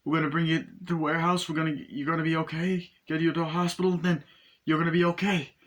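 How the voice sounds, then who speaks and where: Insistent gangster type, middle-aged, voice pushed higher and brighter as a man acts him out, repeating himself. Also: level tone, fast talker, close to an everyday voice. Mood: reassuring. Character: tough middle-aged male gangster soothing a wounded partner.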